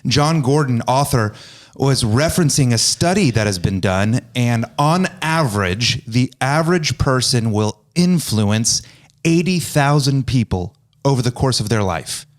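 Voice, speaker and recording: Man, podcast host, casual chat, storytelling, acts out quoted lines, medium pitch. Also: expressive, a little slow. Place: office room.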